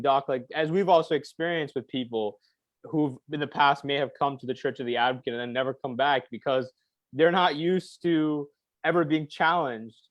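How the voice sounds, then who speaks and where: A man in a casual discussion, retelling a video clip and acting out the quotes in a raised, animated voice. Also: mid-range voice, dry recording. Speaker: discussion participant. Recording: dry, dull lo-fi sound.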